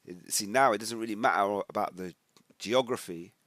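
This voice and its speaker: A British man talks in a deep, low register, rambling conversationally as he reads comments aloud and breaks into emphatic bursts. The sound is dry and close, with no room echo. He moves from casual commentary into scripture teaching. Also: normal speed, fairly bright tone. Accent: British English. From United Kingdom. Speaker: religious commentator. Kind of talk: casual commentary reading social media posts.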